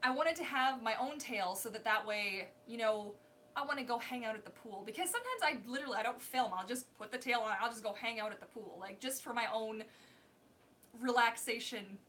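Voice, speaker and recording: Bright, bubbly young woman hosting. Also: on the high side, brisk, slight background noise. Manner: animated, laughing, lots of "like" fillers. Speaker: live stream host, mermaid performer. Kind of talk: casual live Q&A chat. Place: home apartment. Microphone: phone.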